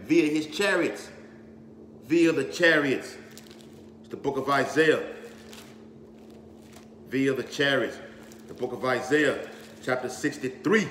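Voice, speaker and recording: A man's voice: medium pitch, slow pace, long pauses, fairly bright tone. Man preaching hard in an echoey hall. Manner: emphatic, keeps checking in with "all right?" and "okay?"; repeats words while building up force. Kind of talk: preaching on scripture. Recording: echoey hall with faint background noise.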